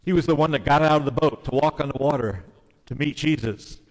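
A male preacher delivers an earnest, emphatic sermon in a fairly high voice, now and then dropping to a hushed tone. His words carry a long reverb, as in a large hall. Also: fairly quick. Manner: earnest and emphatic, with sudden soft drops. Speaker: pastor.

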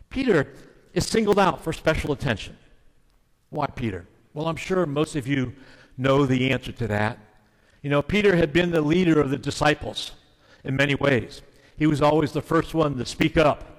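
A male preacher delivers an earnest, emphatic sermon in a fairly high voice, now and then dropping to a hushed tone. His words carry a long reverb, as in a large hall. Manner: earnest and emphatic, with sudden soft drops. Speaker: pastor.

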